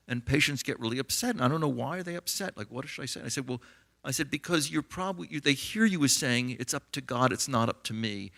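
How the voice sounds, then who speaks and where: A man's voice: medium pitch, expressive, fast talker, gravelly, fairly bright tone. A middle-aged American man, an author and physician, tells anecdotes with many fillers and retold dialogue in a conversational interview.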